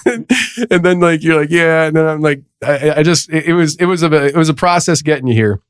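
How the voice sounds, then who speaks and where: A man's voice: fairly high pitch, fairly quick, clean tone, no room sound. A man hosting a casual podcast in a studio, rambling and joking at himself as he talks with guests. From East Tennessee. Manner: rambling, self-mocking, laughs often. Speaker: podcast host.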